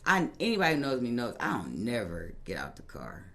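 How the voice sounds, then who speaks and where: Woman guest, casual storyteller, lively slangy delivery, frequent laughs. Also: a bass voice, brisk. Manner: animated, laughing often, plain-spoken slang. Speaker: podcast guest.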